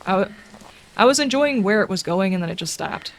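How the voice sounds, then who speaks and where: A woman's voice: mid-range voice, expressive, a little fast, a little hiss or hum. Chatty Southern woman streamer. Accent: Southern American. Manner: chatty, rambling, drifting off on tangents. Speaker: game streamer. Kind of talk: casual chat while gaming.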